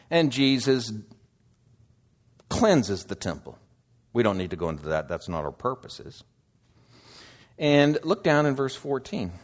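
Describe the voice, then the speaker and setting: A man preaching a sermon, slow and deliberate, swinging between loud emphasis and hushed asides. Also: medium pitch.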